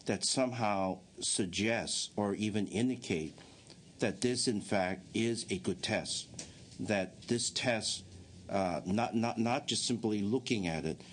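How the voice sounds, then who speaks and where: A man on a legislative committee asking questions, halting with many fillers and restarts. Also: lowish voice, a little hiss or hum. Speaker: committee member.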